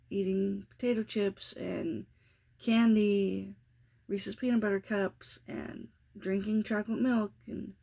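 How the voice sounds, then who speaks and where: A woman's voice: mid-range voice, creaky, mellow, husky. A woman in her thirties, a mother talking through her day in a rambling, self-reflective vlog with many restarts. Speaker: parenting vlogger. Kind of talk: casual confessional vlog.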